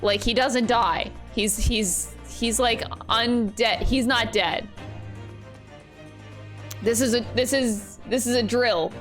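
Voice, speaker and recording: A woman's voice: fairly high pitch, slow pace, a bit bright, faint music behind. A woman streaming a video game, reacting dramatically and reading the game's dialogue aloud. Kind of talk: game let's play commentary.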